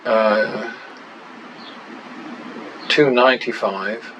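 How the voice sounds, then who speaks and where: A man talks through practice casino betting in an unhurried, deliberate way. He mutters running tallies and breaks in with wry exclamations. A faint ambient hum sits behind his voice. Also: fairly low pitch, fairly even intonation, a bit bright, muffled recording. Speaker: channel host.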